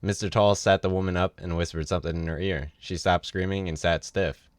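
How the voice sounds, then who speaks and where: A man reads a novel aloud for a livestream, in an easy, casual way with offhand asides. His voice sits very low. The sound is close and dry. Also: fairly even intonation, a little fast, dry recording. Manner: casual read with ad-libbed asides. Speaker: reader.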